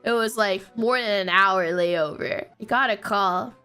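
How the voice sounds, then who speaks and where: A young woman streamer telling a story in a casual, animated way, often breaking into laughter and squeaky excited bursts. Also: a little slow, smooth, soft background music.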